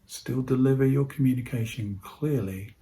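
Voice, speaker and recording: A man giving an instructional talk on voice techniques, speaking in a calm, measured way and slowing his speech with deliberate pauses. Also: mid-range voice, creaky. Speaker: presenter teaching voice techniques to healthcare staff.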